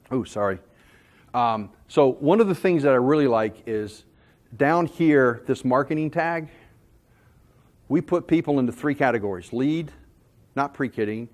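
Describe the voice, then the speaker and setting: A man giving a sales management talk, telling jokey stories in an animated, self-deprecating way to a room. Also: mid-range voice. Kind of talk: storytelling presentation.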